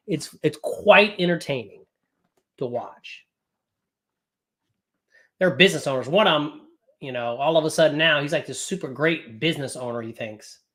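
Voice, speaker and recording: Brief: male live-stream trading host, bright ringing voice, blunt and profane, lots of energy. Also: a little high. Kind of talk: live-streamed casual teaching.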